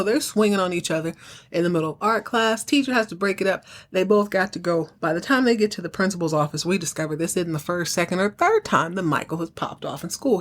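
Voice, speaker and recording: A woman hosting a podcast, casually recapping a TV episode with wry asides and acting out the characters' lines. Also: on the low side. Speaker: podcast host.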